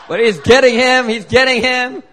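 A man preaching a sermon as pastor, telling a lively, joking story to the congregation. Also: very high voice. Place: church service.

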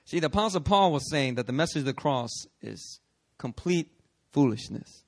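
A man preaching a sermon, animated and conversational, acting out voices in his stories. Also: on the high side, moderate pace. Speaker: pastor.

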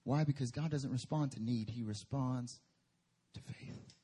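A man's voice: medium pitch, moderate pace, dark tone, breathy edge. A male pastor preaching a sermon at a church service, conversational with emphatic bursts.

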